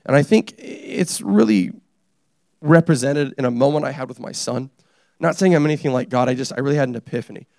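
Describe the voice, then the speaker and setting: A young man preaching a casual, energetic sermon, joking and teasing the congregation as he tells stories about his family. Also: mid-range voice, brisk, dry recording, studio quality. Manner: animated, joking, self-deprecating. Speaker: pastor.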